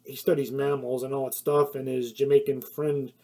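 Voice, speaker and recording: Rambling man with a mellow voice. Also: mid-range voice, little pitch movement, normal speed. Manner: rambling, with many fillers and self-corrections; laughs at his own points, gets heated when annoyed. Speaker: film reviewer. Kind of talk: casual spoken film review.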